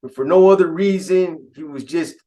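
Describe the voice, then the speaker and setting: A man's voice: fairly high pitch, normal speed, dark tone. A man casually telling a first-person story in laid-back street slang, with frequent restarts and asides. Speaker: podcast storyteller.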